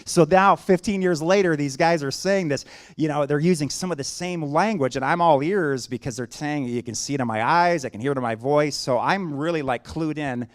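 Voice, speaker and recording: A man's voice: a little high, normal speed. Middle-aged male preacher, storytelling sermon, acts out dialogue, builds to emphatic points. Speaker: guest preacher.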